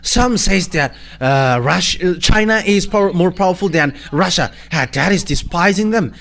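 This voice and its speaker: A man with a Malagasy accent preaching a sermon in halting English, full of fillers and restarts. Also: high voice, expressive, vocal fry, fairly bright tone.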